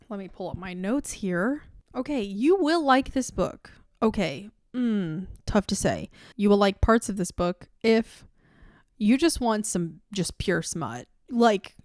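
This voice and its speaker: A woman at a mid-range pitch talks through a book review in a casual vlog. She is chatty and sarcastic and reacts with plenty of exaggeration. The recording is dry, with no room echo. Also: a little mellow.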